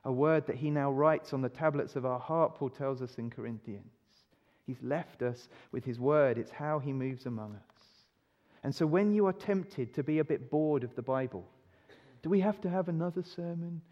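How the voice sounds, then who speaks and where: A man's voice: a little high, moderate pace, darkish tone. A male preacher giving a sermon, emphatic, often putting rhetorical questions to his listeners. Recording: dull recording in a reverberant hall.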